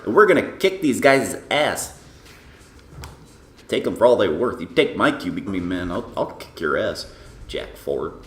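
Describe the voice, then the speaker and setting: A man's voice: fairly low pitch, sing-song, measured pace, long pauses, a bit bright, reverberant, slight background noise. Brash, profane man doing a comic impression. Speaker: gamer doing a comic impression of a football commentator. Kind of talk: comedic let's-play commentary.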